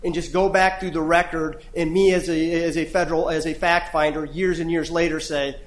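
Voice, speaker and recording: A man's voice: a little high, little pitch movement, fairly quick, roomy sound, poor audio. A man arguing an appeal before judges, earnest and often restarting his phrases. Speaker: appellate lawyer. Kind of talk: courtroom oral argument. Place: courtroom.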